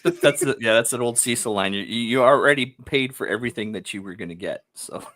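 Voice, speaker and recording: A man's voice: mid-range voice, fast talker, a bit bright. A man in casual comedic podcast chat, dropping dry, wry asides.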